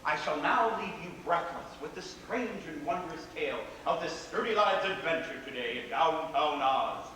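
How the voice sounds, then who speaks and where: A man's voice: a little high, expressive, normal speed, bright, forceful tone. An actor playing a whimsical, rebellious grown man, telling stories with theatrical, playful flourishes in a live stage play. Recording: echoey theater hall from far off, faint noise.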